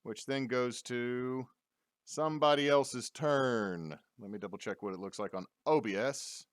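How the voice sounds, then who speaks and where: A man's voice: mid-range voice, a little slow, dry recording, studio quality. A man acting as dungeon master, giving a casual, jokey recap of a tabletop game on a stream.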